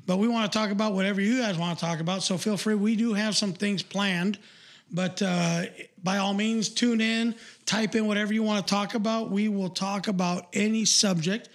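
A man's voice: high voice, fairly even intonation, normal speed. A man co-hosting a podcast in casual live-stream chat, rambling bluntly with lots of fillers and swearing. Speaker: podcast co-host.

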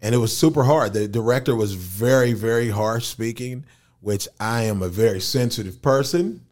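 A man's voice: mid-range voice, normal speed. A man who raps and does voice acting, telling a story in an interview in casual, slangy talk and acting out the voices of people he quotes. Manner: animated, acts out quoted voices. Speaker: rapper and voice actor.

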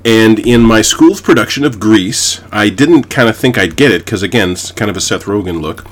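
With slight background noise behind him, a young Canadian man speaks at a normal speed in an expressive voice on the low side. He is a podcast co-host who tells long, rambling stories heavy with fillers in a casual chat.

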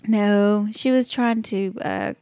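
A woman's voice: medium pitch, slow pace, smooth, no echo. A woman with a Texas twang tells a story in a casual chat, breaking into laughter again and again. Her voice sits in an ordinary middle range. The sound is close and dry. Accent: Texan. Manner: animated, laughs often, acts out her own thoughts.

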